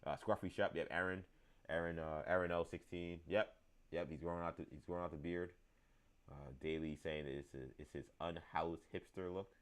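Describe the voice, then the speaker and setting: A man's voice: low voice, fairly even intonation, a little fast, clean tone. A man in his thirties hosting a live show, talking casually, rambling with many fillers and restarts while reading the chat. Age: 30s. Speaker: show host.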